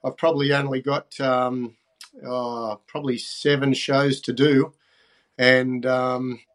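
An older man, a fishing TV presenter as guest, talking in a relaxed, halting way with many ums. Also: mid-range voice. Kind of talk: casual interview talk.

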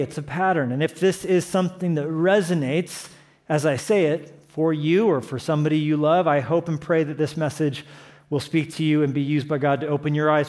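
This sermon comes from a male pastor with a somewhat higher-than-average voice for a man. He preaches passionately, alternating hushed, earnest stretches with rising, emphatic outbursts that climb to peaks.

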